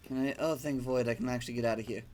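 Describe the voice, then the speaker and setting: A man's voice: medium pitch, fairly even intonation, rapid-fire, a little mellow, soft background music. A man chatting casually while playing a video game, rambling through a story with lots of fillers and the odd swear. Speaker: gaming streamer. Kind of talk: casual let's-play commentary.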